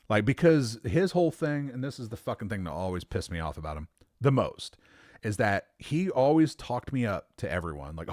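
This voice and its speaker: A man telling a story in a casual, animated, profane way, getting worked up as he talks. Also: fairly low pitch, brisk, no echo, clean studio sound. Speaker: storyteller recounting a former boss.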